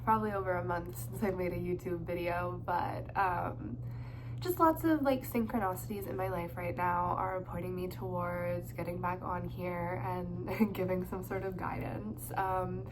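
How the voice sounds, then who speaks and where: A woman's voice: lowish voice, steady tone, moderate pace, background noise. A woman in her twenties with a stuffed-up nose from a cold, talking casually about tarot and astrology in a rambling vlog with many fillers. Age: 20s. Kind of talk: casual spiritual vlog talk.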